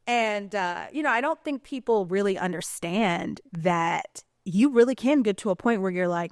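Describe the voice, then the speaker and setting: A woman's voice: medium pitch, animated, normal speed, few pauses, dry recording, clean studio sound. A woman talking in a casual vlog monologue, chatty, colloquial and emphatic. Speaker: vlogger.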